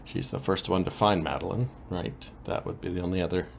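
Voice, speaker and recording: A man co-hosting a podcast, recapping soap opera episodes in a casual, animated way with frequent ums. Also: sits low, fairly quick, vocal fry, slight background noise. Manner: lively, animated retelling with many ums.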